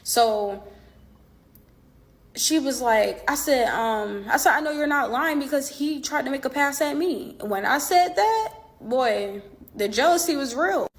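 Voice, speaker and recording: A woman's voice: high voice, lively intonation, unhurried. A woman telling a personal story in casual chat, animatedly acting out past conversations and speaking straight to her viewers. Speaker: boxer telling her side of a falling-out.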